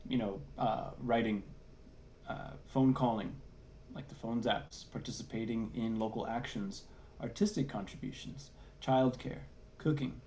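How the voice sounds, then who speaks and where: A man's voice: mid-range voice, warm tone. A man, a services and support minister, reading church announcements in an upbeat, enthusiastic way over a video call.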